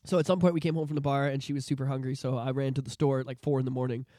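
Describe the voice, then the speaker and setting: A man co-hosting a podcast, telling stories in a rambling, animated way with many restarts. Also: medium pitch, racing, no room sound, studio quality. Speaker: podcast co-host. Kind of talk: casual podcast chat.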